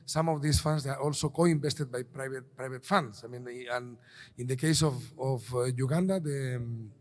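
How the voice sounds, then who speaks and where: Man, panel speaker, halting delivery, lots of restarts and fillers, mid-pitched. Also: fairly even intonation. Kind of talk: conference panel remarks.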